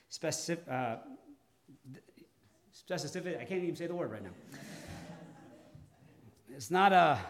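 A male pastor with a medium-pitched voice preaches deliberately and dramatically. He pauses often and swings between emphatic and hushed delivery.

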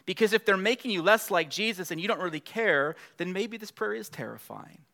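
A man's voice: high-pitched, expressive, fairly quick, gravelly, bright, forceful tone. A middle-aged male pastor preaching a sermon in a conversational way, building to emphatic passages.

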